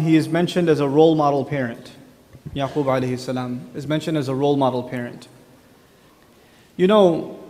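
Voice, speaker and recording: A man giving an animated religious talk, telling stories and putting questions straight to his audience. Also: on the high side, in a large hall. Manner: animated storyteller, addresses the audience directly with questions. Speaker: speaker at an Islamic lecture. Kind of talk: lively conversational religious talk.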